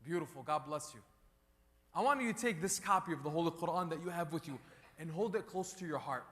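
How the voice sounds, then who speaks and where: Man, sermon leader with crowd call-and-response, high bright voice, long reverb of a big hall. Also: a little fast. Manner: leads the crowd in repeated chants, rising to loud calls. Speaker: speaker at a religious gathering. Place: large hall before a gathering.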